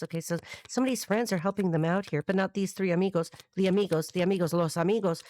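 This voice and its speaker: This tarot reader, a middle-aged American woman, talks fast with few pauses through a rambling, freestyle monologue full of wisecracks, some profanity, sung bits and put-on voices. Her pitch is fairly low and a little mellow, in a dry recording.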